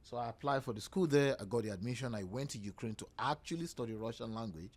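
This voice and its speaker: A man's voice: mid-range voice, fast talker. A man from Nigeria, a podcast guest telling stories and acting out other people's lines in quoted voices. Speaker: podcast guest, real estate agent. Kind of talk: casual storytelling conversation.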